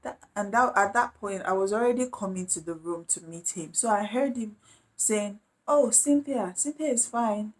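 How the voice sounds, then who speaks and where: Woman, casual storytime vlogger, animated, slips into other people's voices. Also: mid-range voice, normal speed. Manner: animated, acts out quoted voices.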